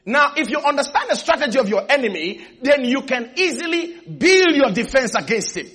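A man preaching a sermon in a high, bright voice with a husky edge. He urges his congregation on, asks them for responses, and climbs into shouts as he makes his points. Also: very animated, moderate pace. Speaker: pastor.

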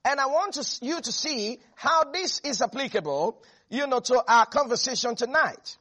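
A man with a notably high voice delivers a fervent evening sermon. He reads scripture in a measured cadence, then presses the congregation with questions and calls for them to repeat after him. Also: expressive, bright, forceful tone. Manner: emphatic preaching with call-and-response to the congregation. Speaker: preacher.

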